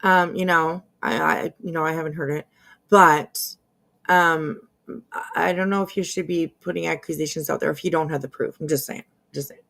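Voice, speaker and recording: Low, gravelly woman rambling commentary. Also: fairly even intonation, moderate pace, fairly bright tone. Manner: rambling, hesitant, many fillers and restarts; sarcastic asides. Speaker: drama commentary host. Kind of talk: casual commentary over clips.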